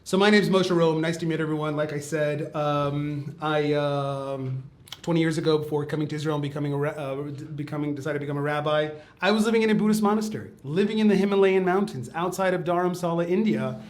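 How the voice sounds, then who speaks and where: A man, a rabbi telling a personal story in a chatty, animated way. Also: a little high, quick pace. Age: 40s. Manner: chatty, quotes others in acted asides, lots of "like" and "okay". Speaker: rabbi and teacher. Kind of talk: storytelling talk on a live-stream.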